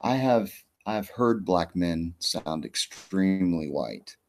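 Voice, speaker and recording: Deep-voiced man chatting casually. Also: animated, slow pace. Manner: rambling, hesitant, trailing off quietly. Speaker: podcast host. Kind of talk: casual chat.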